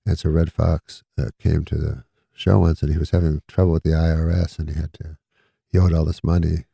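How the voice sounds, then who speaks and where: A middle-aged man telling a rambling, deadpan comedy anecdote in casual chat, chuckling between lines. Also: rumbling low, brisk, vocal fry, husky, no room sound, clean studio sound. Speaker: comedian guest.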